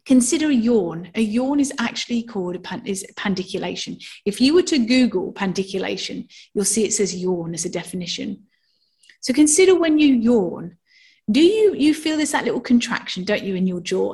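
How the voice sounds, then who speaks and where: A middle-aged woman teaching a somatic movement workshop, talking in a lively way, acting out little sighs and asking the listeners questions. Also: a little high, fairly quick. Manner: animated, acts out sounds and asks listeners questions.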